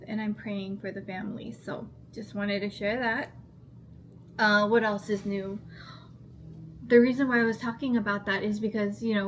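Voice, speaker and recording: Woman in her thirties, vlogger; earnest, rambling home chat, voice a touch high, faint hiss behind. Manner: rambling, earnest, heavy use of "like". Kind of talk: casual chat to camera.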